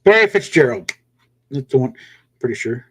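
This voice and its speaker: A man's voice: mid-range voice, very animated, normal speed, a bit bright, breathy edge. A man chatting casually on a live stream, rambling with lots of fillers and restarts. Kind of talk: casual chat.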